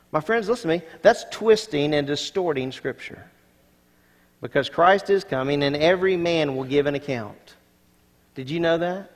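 A male pastor preaching a sermon, moving from quiet asides to loud, emphatic peaks. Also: a little high, moderate pace, long reverb tail.

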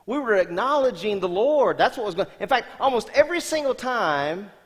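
A man preaching a sermon as senior pastor, asking the congregation questions and swinging between loud emphatic lines and quiet soft ones. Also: high voice, big pitch swings, normal speed, slightly rough. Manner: asks the congregation rhetorical questions. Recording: long hall reverb.

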